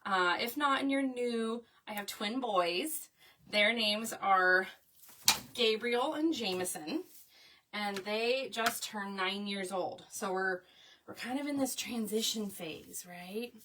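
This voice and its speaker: A woman's voice: mid-range voice, slow, bright, forceful tone. Chatty woman crafting. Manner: chatty, addresses viewers as y'all, frequent "okay?". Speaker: craft video host. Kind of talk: chatty storytelling while crafting. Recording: voice a bit far from the mic.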